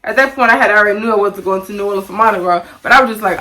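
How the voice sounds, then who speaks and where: A woman's voice: mid-range voice, very fast, far from the mic, poor audio. Chatty young woman vlogger. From Louisiana. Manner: animated, chatty, addresses viewers as y'all. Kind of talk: casual storytime.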